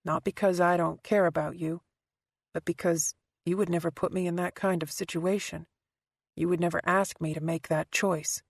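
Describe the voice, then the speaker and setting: A woman narrator lowers her voice to play a guarded, wounded man who speaks quietly and haltingly. The tone is dark and low, read close and dry with no room sound. It is an audiobook character voice. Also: fairly even intonation, slightly rough, no room sound. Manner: soft, halting, low-key delivery.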